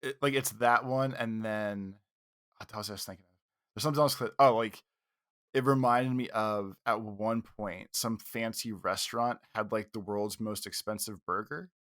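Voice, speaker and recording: A man's voice: lowish voice, steady tone, normal speed, a bit bright, dry recording, clean studio sound. A man co-hosting a casual reaction podcast, talking in a rambling, wry way. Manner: rambling, wry, acts out quotes. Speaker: podcast co-host.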